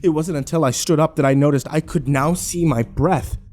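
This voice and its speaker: A man's voice: fairly high pitch, normal speed, darkish tone, a little hiss or hum. A man narrating a horror story in first person, dramatic and tense, building suspense.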